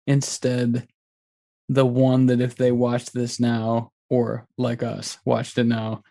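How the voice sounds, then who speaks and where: A man co-hosting a comedy podcast, laid-back and quick to agree, laughing often. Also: mid-range voice, monotone, gravelly, dark tone. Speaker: podcast co-host. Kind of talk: casual comedy chat.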